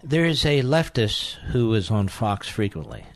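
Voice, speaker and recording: A man's voice: lowish voice, sing-song, a little slow, creaky, no room sound. A man hosting a talk radio show, taking callers and reading ads in an emphatic manner, repeating key phrases. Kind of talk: talk radio monologue and host-read ad.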